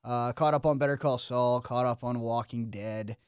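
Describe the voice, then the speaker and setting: Dude in a tiny booth on a podcast, smooth clear voice, lots of uhs, dry close sound. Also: male voice, mid-range voice, fairly even intonation, normal speed, no echo. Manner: rambling, hesitant with many fillers. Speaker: podcast co-host. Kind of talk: casual chat. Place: small studio booth.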